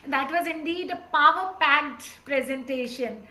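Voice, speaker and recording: High, bright woman moderating a webinar. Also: unhurried, echoey room, poor audio. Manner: effusive, hesitant with fillers. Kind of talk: introducing speakers. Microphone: video call.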